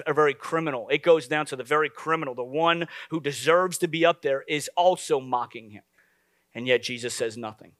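A man preaching a sermon as pastor, lively and conversational, with asides to the congregation. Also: mid-range voice, dry recording.

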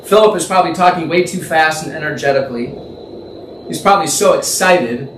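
High-voiced man musing through a Bible passage. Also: a little fast. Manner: musing and imaginative, thinks aloud and corrects himself. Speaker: Bible teacher. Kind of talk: conversational Bible teaching. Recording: echoey room, distant mic, faint background noise.

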